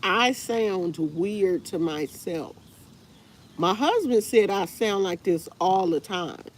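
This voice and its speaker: Stuffed up and congested, a woman rambles through a casual live chat with her viewers as a livestream host, sounding tired and fed up. Her mid-range voice is animated yet slow.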